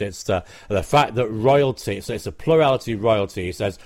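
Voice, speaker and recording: Earnest man explaining scripture, low voice. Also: normal speed, hardly any pauses. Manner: earnest, explanatory, quotes scripture aloud with many fillers. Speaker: preacher recounting a doorstep discussion. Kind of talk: spoken Bible teaching recording. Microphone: personal recorder.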